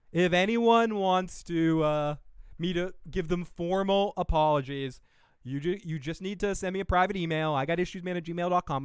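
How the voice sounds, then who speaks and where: A man's voice: fairly high pitch, smooth, dry recording, clean studio sound. A man hosting a casual podcast livestream, rambling and swearing freely as he reacts to a trailer. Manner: rambling and profane, with laughs and self-talk. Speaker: podcast host reviewing a trailer.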